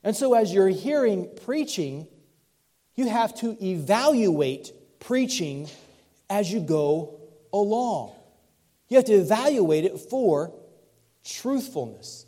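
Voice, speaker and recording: With a high-pitched, dark-toned voice and a mixed Southern US accent, this pastor from the Southern United States gives a sermon in a church sanctuary. His delivery is conversational and sprinkled with light asides.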